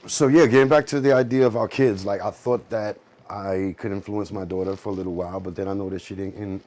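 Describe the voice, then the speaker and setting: A man hosting a podcast, a father, talking casually and sometimes pausing to search for words. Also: lowish voice, fairly even intonation, darkish tone. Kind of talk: casual chat.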